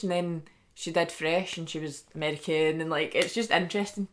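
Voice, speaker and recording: A young woman co-hosting a casual film chat, talking fast and loose with lots of "like" and acted-out quotes. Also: low voice, a little hiss or hum. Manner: chatty, heavy use of "like", animated quoting. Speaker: podcast co-host.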